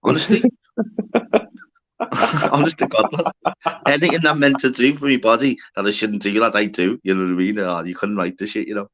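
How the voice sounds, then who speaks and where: A brash man with a Scouse accent holds court in casual banter, swearing freely and tossing "lad" and "mate" into every line. His voice is bright and edgy. The audio is dull and lo-fi. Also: fairly low pitch, fairly even intonation, a little fast. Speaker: host.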